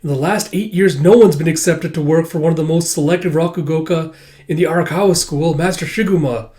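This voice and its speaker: A man with a voice a little higher than most recaps a comic chapter in a loose, chatty way, full of fillers. He reads the characters' lines aloud, jumping up in pitch and volume for them. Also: a little fast. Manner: acts out characters' lines with jumps in pitch and loudness, laughs often; casual and chatty, many fillers. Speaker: manga reader and commentator. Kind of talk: casual recap, reading dialogue aloud.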